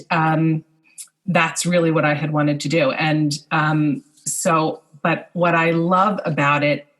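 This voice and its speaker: Low-voiced woman speech pathologist. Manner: thoughtful, many fillers and restarts. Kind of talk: casual podcast conversation.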